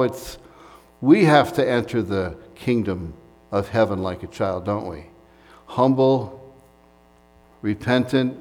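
A man's voice: medium pitch, darkish tone, in a large hall. An American man preaching a sermon in a conversational way, with fillers and asides, recorded in a church sanctuary. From United States. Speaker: pastor.

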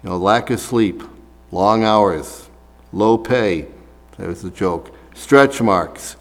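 A man's voice: on the low side, takes it slowly, big-room sound. A man preaching a sermon as a pastor, talking casually with fillers and reading scripture aloud.

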